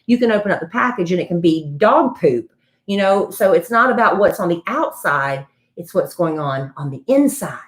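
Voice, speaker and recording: A woman's voice: on the low side, expressive, moderate pace. A woman co-hosting a podcast, chatting casually and telling celebrity gossip like a story. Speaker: podcast co-host. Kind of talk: casual chat.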